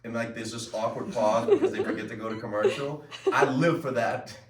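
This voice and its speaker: A middle-aged man hosting a casual home show, telling stories in a lively, chatty way with plenty of fillers. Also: mid-range voice, fairly quick. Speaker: host. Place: home room with family. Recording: echoey room, mic at a distance.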